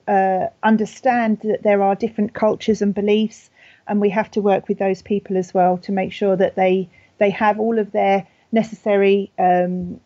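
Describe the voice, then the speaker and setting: A woman with a British accent, a funeral celebrant, talking in a gentle, thoughtful way with frequent ums and restarts in a podcast interview. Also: medium pitch, no room sound, lo-fi sound.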